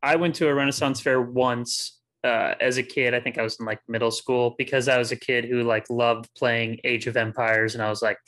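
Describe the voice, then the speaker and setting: A man in his twenties co-hosting a podcast in a relaxed, chatty way. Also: medium pitch, fairly quick, hardly any pauses. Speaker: podcast co-host. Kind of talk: casual chat.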